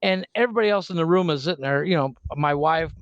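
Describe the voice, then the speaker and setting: A man's voice: a little high, fast talker, dry recording, muffled recording. A man co-hosting a podcast in casual chat, telling stories animatedly and laughing often on a close mic. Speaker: podcast co-host.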